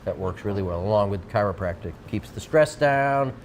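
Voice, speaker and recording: Man, TV host, casual joking banter, rambling restarts, lively swinging pitch. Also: normal speed, slight background noise. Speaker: TV show host.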